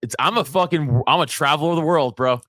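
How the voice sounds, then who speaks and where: Podcast co-host, a man, crude and rambling, laughs often, high-ish voice, dry close sound. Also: quick pace, fairly bright tone, no room sound. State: sleepy. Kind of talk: casual chat.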